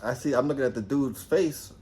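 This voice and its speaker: A young New Jersey man, mid-range voice running a little fast, shares a personal story in a lively, casual way. He curses freely and acts out quoted lines loudly.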